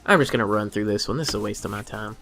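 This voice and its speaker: A man's voice: on the low side, very fast, gravelly, pushed and bright, faint music behind. A man who works as a car mechanic commentating on a game, muttering to himself in a wry, exasperated way. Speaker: gameplay commentator. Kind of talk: let's play commentary.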